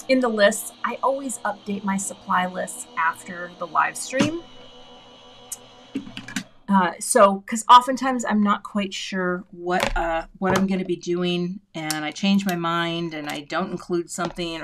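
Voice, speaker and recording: A middle-aged woman hosting a live crafting stream, chatting casually to viewers and thinking aloud as she works. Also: lowish voice. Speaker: crafting livestream host. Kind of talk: casual live demo chat.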